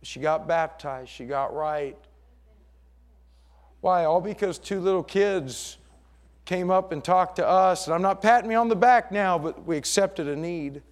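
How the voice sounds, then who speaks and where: A middle-aged man preaching a sermon as pastor, swinging between loud emphatic passages and hushed storytelling. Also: high-pitched, a little slow.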